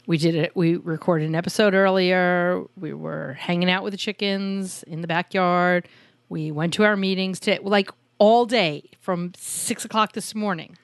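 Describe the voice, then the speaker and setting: A woman's voice: lowish voice, steady tone, measured pace, dry recording. A woman co-hosting a podcast about couples in business, chatty and self-deprecating, joking as she introduces guests. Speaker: podcast co-host. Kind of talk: casual podcast chat. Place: home studio in Arizona.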